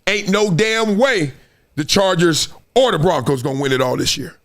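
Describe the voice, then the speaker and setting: A man riffs on football standings as the host of his own show, his voice sitting fairly high. He talks loosely and animatedly, full of slang, and now and then lapses into a playful sing-song. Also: animated, normal speed, a bit bright. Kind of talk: casual sports commentary monologue.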